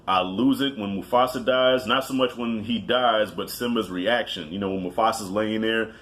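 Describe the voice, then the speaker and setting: A man's voice: fairly low pitch, normal speed, fairly bright tone. A man giving a casual movie countdown, talking loosely with profanity, self-mocking asides and frequent restarts. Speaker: movie reviewer.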